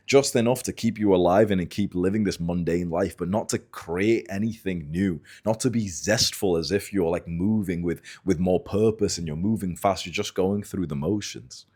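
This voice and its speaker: A man in his late twenties telling a personal story to camera in a casual, animated way, swearing freely. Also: sits low. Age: 20s. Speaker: self-improvement YouTuber.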